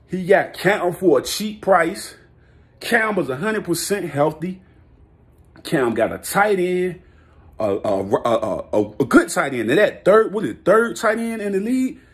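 A man vlogging a hyped, slangy football rant, laughing and repeating himself in his excitement. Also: sits high, unhurried. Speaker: sports vlogger.

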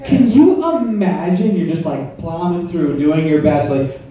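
A man on a comedy club stage with a slightly high voice, working through crude material at a slow, unhurried pace and teasing the audience. The sound is very roomy and picked up from a distance, with a crowd laughing clearly around him. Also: lively intonation, mellow. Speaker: stand-up comedian. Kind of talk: stand-up set at a comedy club.

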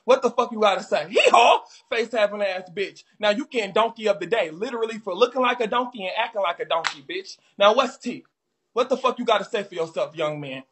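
A woman hosting a live stream who delivers a loud, profane roasting rant from home, closing almost every line with an insult. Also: medium pitch, fast talker, breathy edge.

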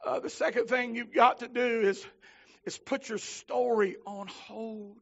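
A man preaching a holiness sermon, telling stories with fervor and swinging from shouts to low pleading. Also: fairly even intonation, measured pace, highs cut off. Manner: fervent, climbs to shouting then drops low. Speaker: minister.

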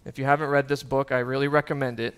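A man's voice: mid-range voice, flat delivery, fast talker, clean tone. A man preaching a sermon as pastor, earnest and conversational, with casual asides and fillers.

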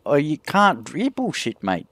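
A man's voice: a little high, huge pitch swings, measured pace, a bit bright, voice pushed up, heavily acted. A man playing a drunk, brash man on community service who swears constantly. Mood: rowdy.

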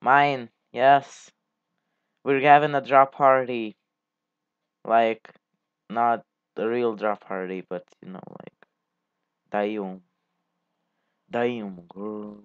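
A man giving casual, halting gameplay commentary as a channel host. He rambles and swears casually as he plays. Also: medium pitch, level tone, smooth, dry recording. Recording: dull lo-fi mic.

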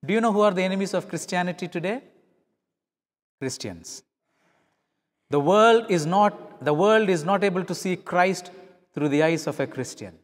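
A man's voice: sits high, moderate pace, pauses often, big-room sound. A middle-aged male pastor preaching a sermon, telling stories and acting out the dialogue in changing voices. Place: church.

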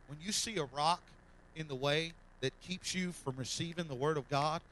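A man preaches from a church platform, his voice bright and forceful and pitched a bit high. He builds to fervent loud calls, then drops soft and repeats his lines. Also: rough recording. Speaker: pastor. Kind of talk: sermon. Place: church sanctuary.

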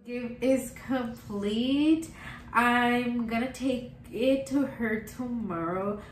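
A woman's voice: on the high side, extremely slow, roomy sound, recorded from a distance, over loud music, rough recording. A young woman, gushing sentimentally as she talks to camera in a casual vlog. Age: young adult. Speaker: vlogger.

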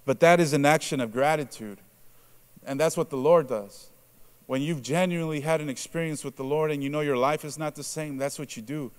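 A man's voice: a little fast, clear, resonant tone. Conversational male preacher. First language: Spanish. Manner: conversational, asks the congregation questions, many asides with "right?"; acts out quoted reactions in a lowered voice. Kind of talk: sermon.

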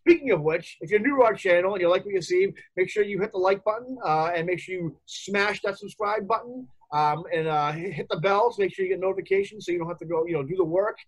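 A man's voice: high voice, big pitch swings, fast, creaky, hardly any pauses, slightly rough, low-quality recording. A man co-hosting a casual comics review show, rambling and chatty with frequent laughs. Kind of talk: casual podcast chat.

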